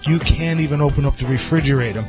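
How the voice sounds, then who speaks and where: A man co-hosting a radio show, talking in a quick, wry, teasing way. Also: a little high, music in the background. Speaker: radio co-host.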